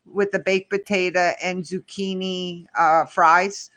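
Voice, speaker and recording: A woman chatting casually on a live video call, plain-spoken and halting, with lots of ums. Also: on the low side, steady tone, a bit bright. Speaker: guest broadcaster. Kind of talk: casual chat.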